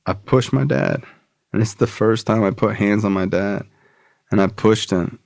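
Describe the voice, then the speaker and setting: Gravelly man telling a candid story. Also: fairly low pitch, normal speed, darkish tone, no room sound, clean studio sound. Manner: candid, profane, casual. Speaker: podcast guest. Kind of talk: personal storytelling.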